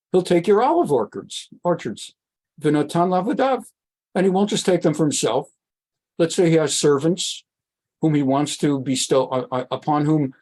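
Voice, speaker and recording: A man rabbi giving a Bible study class, reading Hebrew verses and explaining them with animated, emphatic delivery. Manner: animated, voice leaps up high for emphasis; winds down quieter for announcements. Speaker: rabbi teaching a weekly class.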